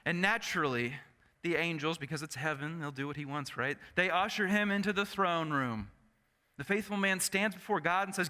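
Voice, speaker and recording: A male pastor preaching a sermon in an animated storytelling manner, often turning to the congregation with asides. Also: fairly high pitch, normal speed. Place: church sanctuary. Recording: echoey church sanctuary.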